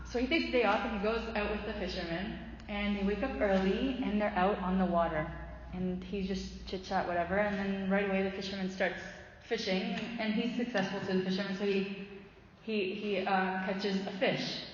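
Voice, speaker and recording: Woman, 30s, casual faith speaker, rambling and friendly in delivery; muffled, boomy hall recording. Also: steady tone, moderate pace, a little hiss or hum. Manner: chatty, loose, many "like" fillers and restarts. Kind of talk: casual faith talk with storytelling. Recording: echoey hall, muffled sound.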